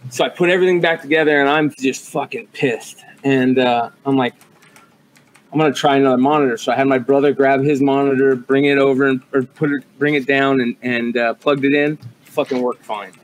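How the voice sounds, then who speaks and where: A man's voice: medium pitch, steady tone, fairly quick, low-quality recording. Rambling, profane podcast co-host man. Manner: rambling, profane, lots of fillers and restarts. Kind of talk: casual chat.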